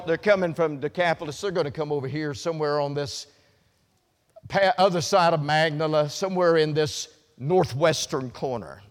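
Preacher man with soaring, shouted emphasis. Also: on the high side, in a large hall. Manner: swings from quiet asides to loud shouted emphasis. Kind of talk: sermon.

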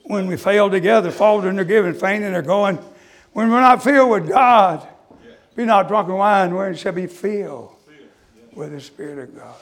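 High-voiced preacher shouting "amen". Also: male voice, normal speed. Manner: fervent preaching cadence with frequent "uh" and "amen"; swings from hushed confession to shouting. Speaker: preacher giving his testimony. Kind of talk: sermon.

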